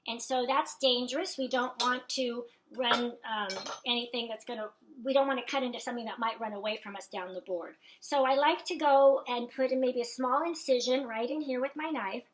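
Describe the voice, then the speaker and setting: A woman's voice: a little high, a little fast, few pauses, slight background noise, poor audio. Chatty woman teaching knife skills. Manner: chatty, folksy teacher checking in with "okay?" and "alrighty". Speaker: cooking instructor. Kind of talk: hands-on cooking demonstration.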